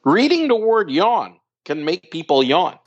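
A podcast co-host chats casually over a remote call line, swearing freely, sounding exasperated and stammering through restarts. Her fairly low voice swings widely in pitch and moves a little slowly, with dull audio and background noise.

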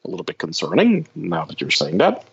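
A woman co-host talking over a dull, lo-fi internet call, her voice husky and breathy. She swings her pitch widely and stammers through restarts, cursing freely as she grumbles. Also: huge pitch swings, a little fast. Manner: profane, exasperated, stammering restarts. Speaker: podcast co-host. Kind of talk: casual chat. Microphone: remote call line.

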